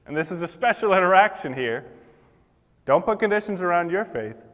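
Male preacher, high voice, fervent sermon delivery, echoing sanctuary sound. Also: animated, brisk, fairly bright tone. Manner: impassioned, acts out the Bible figures' words. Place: church sanctuary. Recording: long reverb of a church hall.

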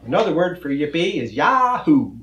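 A man's voice: fairly high pitch, very animated, moderate pace, a bit bright, roomy sound, a little hiss or hum. A man playing a good-natured cowboy teacher who explains word parts with a folksy drawl and corny jokes. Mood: friendly. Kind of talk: children's comedy skit.

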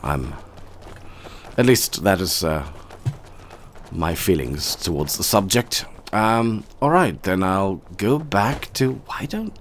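A man's voice: lowish voice, expressive, slow pace, slight background noise. A man giving casual, wry, sarcastic commentary while playing a video game. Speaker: gaming commentator.

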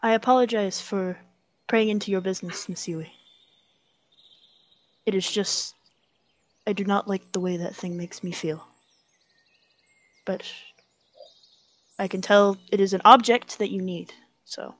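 Brief: gentle formal firbolg, woman voicing, soft and apologetic. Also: medium pitch, fairly even intonation, measured pace, pauses often, no echo, lightly acted.

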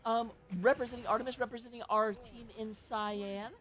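A woman casting an amateur esports match with play-by-play commentary, chatty and excitable, with joking asides. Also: fairly high pitch, moderate pace, faint music behind. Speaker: esports caster.

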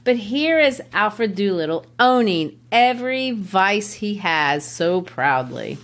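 A woman's voice: mid-range voice, very animated, slow pace, fairly bright tone. A woman hosting an educational literature podcast, explaining a play in an engaged way and laughing easily. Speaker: podcast host, literature teacher.

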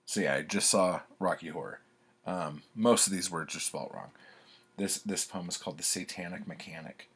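Low husky man, slow wry reading. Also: fairly bright tone. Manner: wry, self-mocking, laughs at his own writing. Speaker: author reading his childhood writing. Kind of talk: casual reading and commentary.

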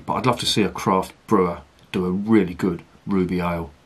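Male beer reviewer, low gravelly register, rambling rants, casual cursing, middle-aged. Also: steady tone, fairly quick. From Britain. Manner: chatty, ranting, swears casually.

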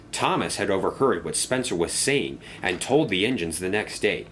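A man reading a children's storybook aloud as narrator, in an expressive, lively way. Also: low-pitched, moderate pace, hardly any pauses, slight background noise.

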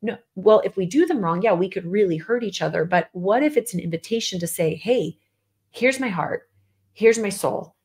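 Animated woman co-hosting a podcast. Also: mid-range voice, moderate pace. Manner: animated, emphatic, laughs often. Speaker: podcast co-host. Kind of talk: casual conversation with spouse.

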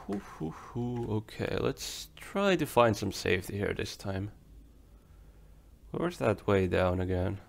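A man's voice: lowish voice, expressive, takes it slowly, vocal fry. A young man giving rambling let's play commentary as he plays, talking to himself and swearing when things go wrong. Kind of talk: game commentary.

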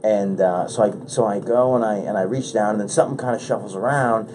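A man's voice: lowish voice, fairly quick, over music. A man hosting a podcast in casual chat, telling rambling stories full of restarts, recorded in a radio studio room. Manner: rambling, animated storytelling with many restarts. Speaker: podcast host.

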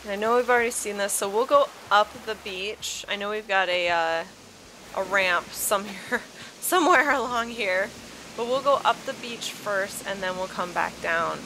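At normal speed and medium pitch, with a sharp tone, a woman gushes and exclaims through a game island tour while sounding sleepy and yawning. The audio is poor, with slight background noise and background music, in this casual gameplay commentary.

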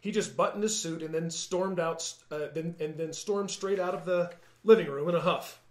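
A man, the author, reading his own novel aloud in calm, measured first-person narration. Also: fairly high pitch, roomy sound. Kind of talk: audiobook-style narration.

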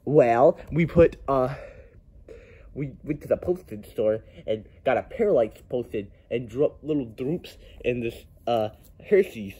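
A man voicing a scheming plush toy villain in a homemade plush skit, plotting in a sly, low-key way. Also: expressive, a little slow, warm tone, husky.

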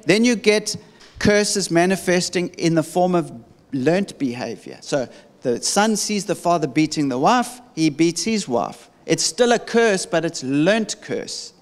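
Man teaching with animated stories. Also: on the high side, measured pace, in a large hall. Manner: animated storytelling with many restarts. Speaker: deliverance minister. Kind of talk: conversational teaching.

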